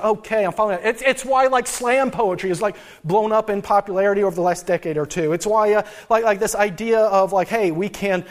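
Man, pastor preaching, high voice, earnest, restarts mid-sentence. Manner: earnest, thinking aloud with frequent restarts. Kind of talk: sermon.

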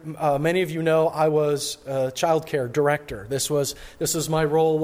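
A man's voice: a little high, steady tone, normal speed, few pauses, darkish tone. A man pastor giving a sermon, telling a personal story in a conversational way with frequent restarts.

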